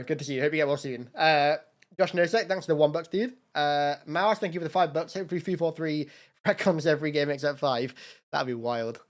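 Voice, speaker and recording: A man chatting casually on a livestream, rambling with fillers and thanking donors by name. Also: on the high side. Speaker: streamer.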